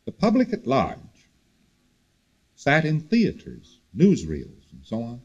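A man's voice: medium pitch, slow, husky, highs cut off. A man giving a recorded lecture to students, talking in a loose conversational way and repeating words for emphasis. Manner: conversational, repetitive, animated emphasis.

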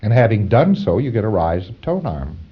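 A man giving an informal lecture to trainees, halting with fillers and repeating words for stress. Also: fairly low pitch, very animated, breathy edge, dull audio.

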